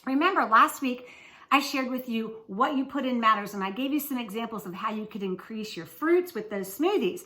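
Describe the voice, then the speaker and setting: A woman's voice: fairly high pitch, lively intonation, moderate pace, bright, forceful tone. Chatty woman in her kitchen. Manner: chatty, folksy, addresses viewers directly. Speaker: cooking show host. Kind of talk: casual cooking demonstration. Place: home kitchen.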